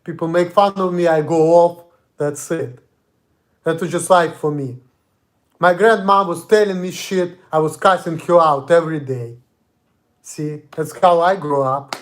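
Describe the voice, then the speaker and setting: A man's voice: a little high, steady tone, measured pace. Angry ranting man with a Russian accent. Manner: profane, ranting, confrontational. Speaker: vlogger. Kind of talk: angry monologue.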